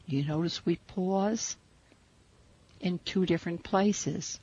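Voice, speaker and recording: A woman teaching a spiritual meditation, guiding listeners in slow, measured, soothing instructions. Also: on the low side, expressive, darkish tone, slightly rough. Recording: dull lo-fi recording.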